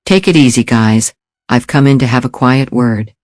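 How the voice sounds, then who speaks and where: A man voicing a calm, courteous former special forces operative with a British accent, speaking softly and formally. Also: mid-range voice, normal speed, no room sound, natural voice. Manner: soft-spoken, courteous, formal.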